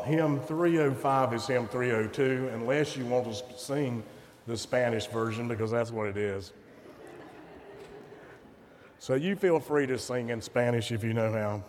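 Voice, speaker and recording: A man speaks with a stuffy, nasal voice from a cold, giving friendly and plain-spoken announcements from the front of a church. His voice is of middling pitch and rings out with a long reverb in the sanctuary. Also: a little mellow, a little hiss or hum. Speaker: pastor.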